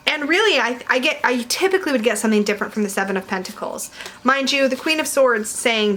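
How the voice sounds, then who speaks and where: A woman's voice: fairly high pitch, normal speed, pushed and bright. A woman in casual chat to camera, reviewing tarot decks at home, chatty and giggly, rambling with fillers. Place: home room with her dog nearby.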